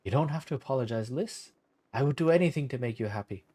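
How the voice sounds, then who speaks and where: A man voicing a gentle male gnome adventurer in a game, speaking quietly and tenderly. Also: medium pitch, animated, fast, lightly acted.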